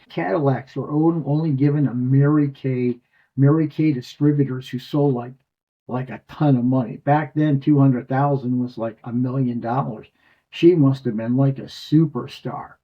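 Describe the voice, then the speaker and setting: An older man, a former tax agent being interviewed, telling a rambling, animated story and cursing freely over a video call. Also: medium pitch. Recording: muffled lo-fi audio.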